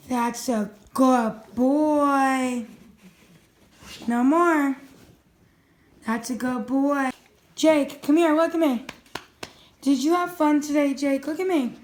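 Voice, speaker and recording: A woman with a high, bright voice chats casually through a home video, explaining things to her viewers and then coaxing her dog with eager, sing-song encouragement. She talks indoors at home, with a faint hiss of noise behind her. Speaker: vlogger filming her dog.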